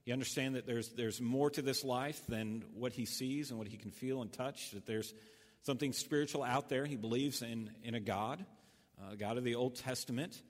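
A man's voice: mid-range voice, normal speed. A man preaching a sermon as pastor, telling a folksy story with lots of fillers and restarts. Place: church sanctuary. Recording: church hall reverb.

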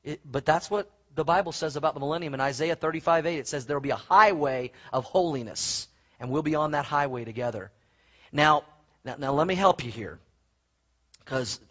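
A man preaches in a high, husky voice. He is animated and folksy, breaks into stories and asides to his congregation, and the recording sounds dull and lo-fi, like a church sermon tape. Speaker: pastor.

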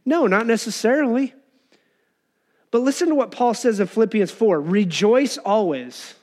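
A man's voice: high-pitched, normal speed, a little mellow. A man preaching an earnest, conversational sermon, acting out people's complaints as he goes. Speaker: pastor.

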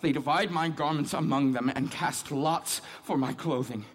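A man's voice: on the high side, moderate pace, slightly rough. An actor playing a devout, troubled man who reads scripture aloud and keeps questioning his own guilt and faith. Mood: yearning. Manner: questioning, searching, self-doubting. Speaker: man reading scripture alone. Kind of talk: dramatic monologue.

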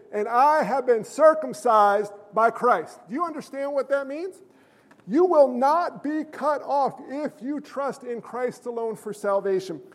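A man preaching a sermon to a congregation in a church, emphatic, firing questions at the listeners. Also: very high-pitched. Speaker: pastor. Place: church sanctuary. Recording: long hall reverb.

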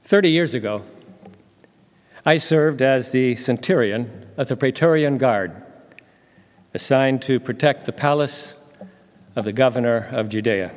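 A man's voice: medium pitch, measured pace, long pauses, lightly acted. A man playing a solemn old centurion. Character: aged male former Roman centurion, solemn witness. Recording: long hall reverb.

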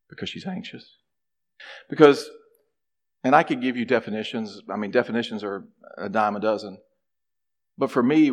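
A man preaching a sermon, animated, acting out a character's complaints in a raised voice. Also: medium pitch. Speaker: pastor.

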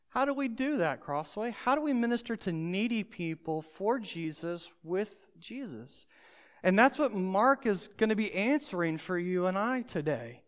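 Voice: mid-range voice, clean tone. A pastor preaching a sermon, speaking emphatically and straight to the listeners. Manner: emphatic, addresses listeners directly. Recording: long hall reverb.

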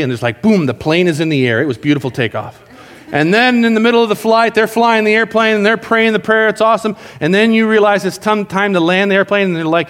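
Animated high-voiced man preaching. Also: a little fast. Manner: animated storytelling, acts out prayers. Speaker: pastor. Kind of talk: sermon.

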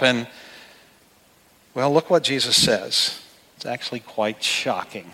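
A middle-aged man delivers a sermon from the pulpit. His voice is bright and forceful, conversational one moment and emphatic the next. A long reverb from a large church hall trails behind every phrase. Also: medium pitch, lively intonation, takes it slowly, pauses often. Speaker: pastor.

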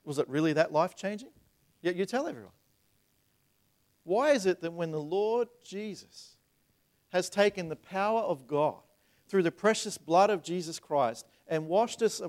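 A man's voice: high voice, a little mellow. A man preaching a sermon as a pastor, asking the room rhetorical questions and stumbling over repeated words. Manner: acts out voices in retold scenes.

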